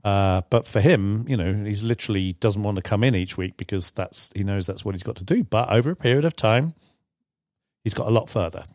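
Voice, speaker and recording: A man, a therapist explaining treatment calmly in a podcast chat, with many fillers. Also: lowish voice, dry recording, clean studio sound. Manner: calm, halting with fillers. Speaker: therapist guest. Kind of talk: casual explanation.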